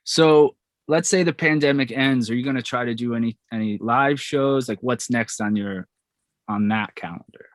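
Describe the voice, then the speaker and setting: A man hosting a music podcast in a relaxed, upbeat way. His voice sits at an average pitch and sounds dry and close, with no room echo. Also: moderate pace. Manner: upbeat, friendly, chatty questions. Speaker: podcast host. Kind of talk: casual podcast interview.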